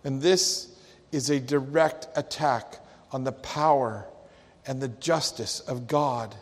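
Man, pastor, emphatic sermon, unhurried delivery, long hall reverb. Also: medium pitch. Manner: emphatic preaching, quotes scripture.

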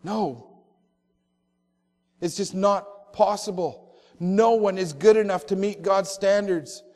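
A male pastor preaching a sermon, telling stories and slowing down on emphatic phrases. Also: sits high, darkish tone, big-room sound, soft background music.

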